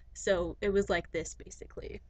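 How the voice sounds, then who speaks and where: A woman's voice: medium pitch, no room sound, rough recording. A teenage girl giving a casual, rambling webcam rant, chatty and full of fillers and asides. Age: teens.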